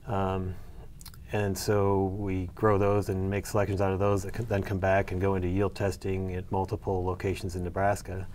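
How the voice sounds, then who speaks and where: Low, flat-voiced man. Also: moderate pace, slight background noise. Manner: hesitant, many fillers and restarts. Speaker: soybean breeder and agronomy professor. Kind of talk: interview answers.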